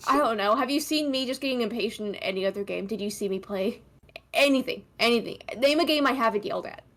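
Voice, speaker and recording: A woman's voice: a little high, fast talker, a bit bright. Blunt, laughing woman streamer, swearing freely. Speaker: podcast host. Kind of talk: casual chat.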